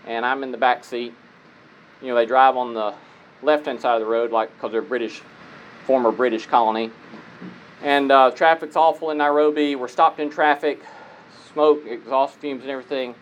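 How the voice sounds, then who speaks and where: A man's voice: medium pitch, poor audio. A man speaking conversationally to an audience, telling personal stories and asking listeners rhetorical questions. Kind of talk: conversational lecture.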